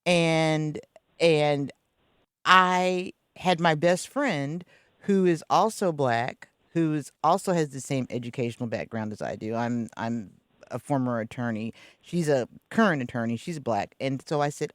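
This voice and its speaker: A woman from Kansas City hosting a radio interview, talking in a thoughtful, relaxed way and sometimes searching for words. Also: deep voice, measured pace, no echo, studio quality. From Kansas City, USA. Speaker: radio host.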